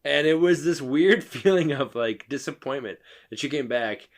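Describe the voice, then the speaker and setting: Man in his thirties, podcast co-host, animated voice that swoops up and down, chatty storytelling. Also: medium pitch, normal speed. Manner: storytelling, acts out quotes. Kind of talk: casual movie-review chat.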